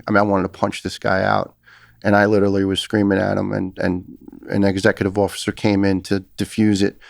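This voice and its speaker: A middle-aged New Yorker who used to be a firefighter shares his story in conversation as a podcast guest, earnest and intense, often starting sentences over. He speaks in a lowish, gravelly voice, recorded at studio quality with no echo.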